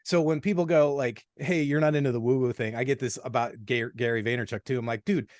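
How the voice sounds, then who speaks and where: A man's voice: mid-range voice, quick pace, no room sound, clean studio sound. Blunt, salty-talking man telling stories. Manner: blunt, profane, animated storytelling. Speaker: podcast guest. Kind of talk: casual storytelling.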